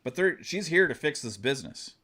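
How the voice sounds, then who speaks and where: A man's voice: on the high side, very animated, fairly quick, sharp tone. A man hosting a gaming channel, giving live-stream commentary in an impassioned, profane rant aimed straight at his viewers. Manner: talks straight to the audience.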